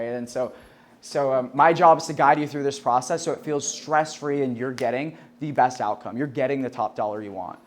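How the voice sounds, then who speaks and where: A young man teaching a sales class in a loose, chatty way, leaning on "like" and "right?" and swearing casually. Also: medium pitch. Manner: swears casually and laughs at his own jokes. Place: classroom with a live audience.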